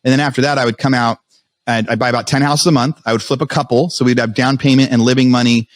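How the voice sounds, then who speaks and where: A man as a podcast guest, telling his story in a fast, animated way with many restarts. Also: mid-range voice, dry recording, clean studio sound. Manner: fast, animated retelling with frequent restarts and quoted self-talk.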